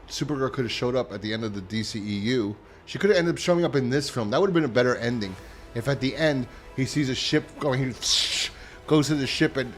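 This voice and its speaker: A man giving a casual spoken movie review as a channel host, rambling and profane, getting worked up and incredulous. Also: mid-range voice.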